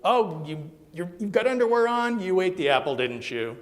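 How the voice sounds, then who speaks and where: A man's voice: medium pitch, completely flat delivery, takes it slowly, big-room sound, natural voice. A man doing a scolding, knowing God. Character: stern, knowing God scolding his creations.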